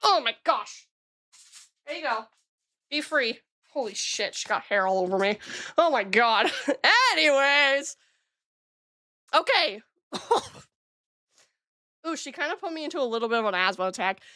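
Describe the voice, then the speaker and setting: A young adult woman streaming from home, chatting casually in a gushing, excitable way and swearing freely, close on the mic. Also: sits high, unhurried, pauses often, no room sound. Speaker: VTuber streamer. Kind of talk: casual live-stream chat.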